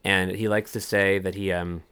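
A man's voice: deep voice, flat delivery, moderate pace, fairly bright tone, smooth, dry recording, clean studio sound. A young man from New York chatting casually as a musician guest, rambling and jokey, often correcting himself mid-sentence. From New York, USA. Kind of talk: casual chat.

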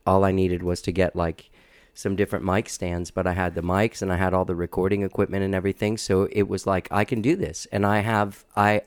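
A middle-aged man with a low voice hosts a casual interview chat on his podcast from a home studio, with no echo. His talk rambles, with many restarts and filler words.

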